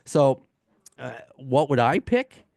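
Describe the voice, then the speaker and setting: A man's voice: medium pitch, big pitch swings, slow, creaky, a little mellow, dry recording, studio quality. A man with a New York accent hosting a podcast from home, reading listener emails in a casual, rambling, self-deprecating way with many fillers and restarts. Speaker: podcast host. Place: home, baby heard in background.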